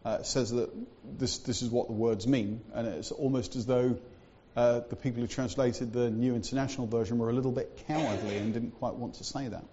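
A man preaching in a church with a mellow, dark voice, easygoing and conversational, full of little asides. The sound is a bit dull and lo-fi. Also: medium pitch, fairly even intonation, brisk, few pauses, a little hiss or hum. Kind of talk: sermon.

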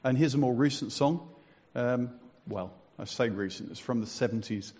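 A man's voice: medium pitch, normal speed, darkish tone, slight background noise. A man preaching a sermon in a conversational way. He asks the congregation questions and makes fun of himself. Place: church hall. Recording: long reverb, dull lo-fi church recording.

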